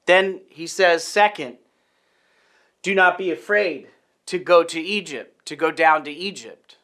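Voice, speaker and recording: A man's voice: on the high side, unhurried, sharp tone. A man preaching a sermon, teaching earnestly and restarting his phrases. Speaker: pastor.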